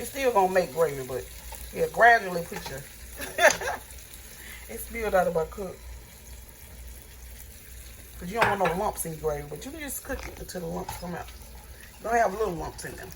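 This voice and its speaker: A woman's voice: on the low side, lively intonation, a little fast, pauses often. A woman filming a casual cooking vlog in her home kitchen, chatting with her viewers and calling them y'all as she cooks. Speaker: home cook vlogger. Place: home kitchen with frying on the stove. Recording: noisy kitchen recording. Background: sizzling pan and running tap.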